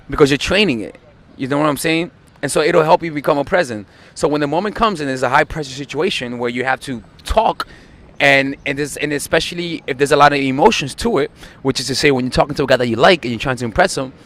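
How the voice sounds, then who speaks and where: A man's voice: medium pitch, a bit bright. A man speaking as a dating coach in an advice video, earnest and insistent, often repeating words as he gets going.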